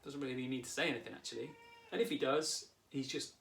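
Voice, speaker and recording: A man in his thirties leads a coaching lesson as a therapist. He talks calmly and directly to the viewer at a medium pitch. His delivery is steady and explanatory. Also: quick pace, creaky, a little hiss or hum.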